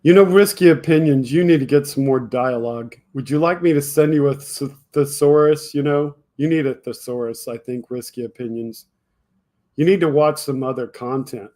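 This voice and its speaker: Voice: mid-range voice, normal speed, dark tone. Casual livestream host mocking chat. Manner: mocking, talks straight back to chat commenters; laughs often and hard.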